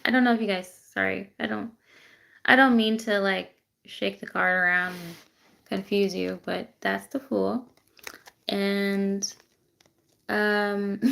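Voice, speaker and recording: A woman giving a casual tarot reading to viewers, chatty and excitable, with lots of fillers and asides, recorded on a phone on a tripod. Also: medium pitch, gravelly. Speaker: tarot reader.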